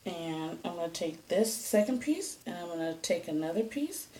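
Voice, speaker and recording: A woman's voice: on the low side, lively intonation, moderate pace, mellow, a little hiss or hum. A woman chatting casually through a hair how-to, rambling and joking at herself as she goes. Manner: chatty, rambling, self-mocking. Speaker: hair vlogger. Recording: voice a bit distant from the mic.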